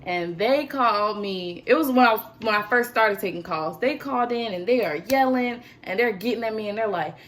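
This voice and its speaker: A teenage woman vlogging in an animated, chatty storytelling manner. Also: on the high side, moderate pace, few pauses, a little hiss or hum. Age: teens. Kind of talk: casual chat.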